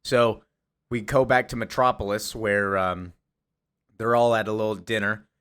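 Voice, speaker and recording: A man's voice: lowish voice, steady tone, normal speed, a bit bright, smooth. Young guy rambling thru a comic recap, lots of um and whatever, chill. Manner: rambling, filler-heavy, offhand.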